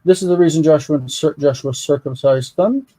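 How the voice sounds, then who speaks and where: The recording quality is low, and the man's voice is a little high, a little fast, and mellow. Co-hosting a stream where the Hebrew Bible is read, he chats casually, eagerly looking up words and explaining them out loud.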